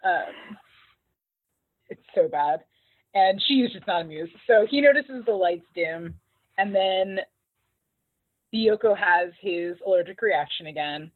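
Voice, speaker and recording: Woman, casual recap chat, chatty, husky, dry tinny phone-line sound. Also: mid-range voice, expressive, takes it slowly, long pauses. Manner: chatty, laughs often, acts out quoted lines. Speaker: podcast co-host recapping a TV episode.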